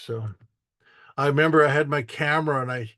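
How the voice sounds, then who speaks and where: A man's voice: fairly high pitch, fairly quick, a bit bright, no echo, studio quality. A man giving a casual artist talk as a photographer, telling stories about his photos in a rambling way, with restarts and acted-out quotes. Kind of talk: casual storytelling while showing photos.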